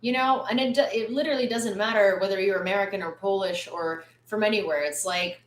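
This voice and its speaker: A woman hosts a casual livestream from a room at home. Her delivery is chatty and loose, peppered with fillers, and turns blunt and exasperated when she lectures. Her voice sits at a middle pitch and carries a noticeable roomy echo. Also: a little fast. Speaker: livestream news host.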